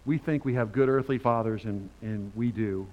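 Older man preaching a lively sermon. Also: fairly low pitch, normal speed, dull audio. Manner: animated, conversational preaching with quoted voices.

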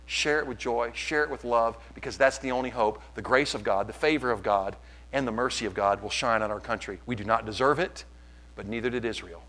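Impassioned pastor preaching. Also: male voice, mid-range voice, brisk, poor audio. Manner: impassioned, swings from quiet to loud. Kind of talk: sermon.

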